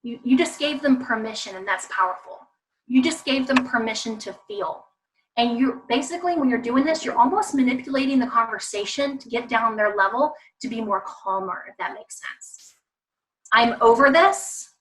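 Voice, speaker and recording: A woman's voice: on the high side, normal speed, recorded from a distance, low-quality recording. A woman giving an online parenting talk with slides over a video call, emphatic and repetitive, speaking straight to parents. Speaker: parenting coach.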